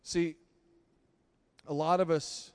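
A male preacher giving a passionate sermon, building to loud emphatic peaks and dropping to quiet, intense stretches. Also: a little high, level tone, takes it slowly, clear, resonant tone, no room sound.

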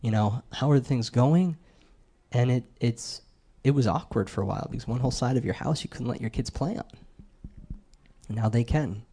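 Mellow-voiced man preaching a sermon. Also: medium pitch, brisk, husky. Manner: conversational, asks the crowd questions.

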